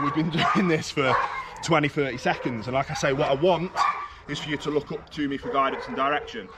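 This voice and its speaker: A British man working as a dog trainer, explaining his methods while giving firm short commands and high praise to a dog outdoors. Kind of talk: outdoor training demonstration with commentary. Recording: distant outdoor mic with heavy noise.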